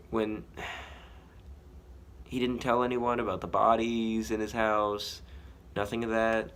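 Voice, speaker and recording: A man's voice: fairly low pitch, fairly bright tone, a little hiss or hum. A man reading his own story aloud, breaking off for self-mocking, casually profane commentary.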